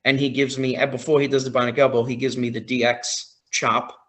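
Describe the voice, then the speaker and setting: A man on a podcast as a guest, telling a story in a casual, excited way, often quoting his own reactions. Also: medium pitch, a little fast. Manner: excited, retelling with quoted reactions.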